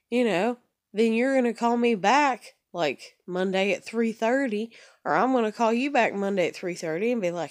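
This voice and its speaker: A woman's voice: mid-range voice, moderate pace. A woman telling a story in a casual vlog rant, swearing often and acting out the people she quotes. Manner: profane, exasperated, quotes people in raised voices. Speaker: vlogger.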